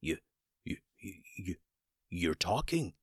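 A clumsy but kindly old wizard frets and stammers in a fairly low voice, as a man plays him. He is a figure in a storybook tale. The sound is dry and close. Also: sing-song, fairly quick, fairly bright tone, slightly rough, no room sound, heavily acted. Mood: stammering. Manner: stammering, fretful.

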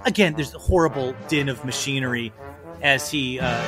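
A man's voice: medium pitch, moderate pace, over music. A man narrating as game master of a tabletop game, loose and playful.

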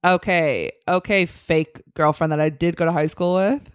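A woman playing a blunt, bossy HR representative in a comedic tabletop game, stern and deadpan. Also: lowish voice, moderate pace, smooth, dry recording, studio quality, pitched below the performer's own voice, close to an everyday voice. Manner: stern, deadpan insults, frequent laughing. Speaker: guest player.

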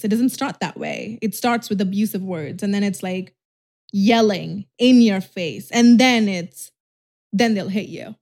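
A young woman YouTuber tells a personal story on her vlog, her mid-range voice slightly mellow and her pace measured. She's candid and rambling, leans heavily on "like," keeps restarting sentences, and swears casually.

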